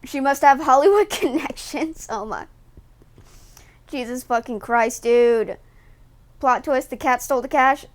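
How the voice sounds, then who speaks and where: A young woman streaming live, reacting to a video with loud, profane, joking commentary. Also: sits high, unhurried, long pauses. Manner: loud, profane, mocking jokes and frequent laughs.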